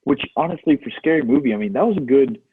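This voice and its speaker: A man's voice: mid-range voice, lively intonation, quick pace, a little hiss or hum. A man co-hosting a podcast, chatting casually about movies in a laid-back way, often saying "dude". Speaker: podcast co-host. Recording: tinny phone-like line.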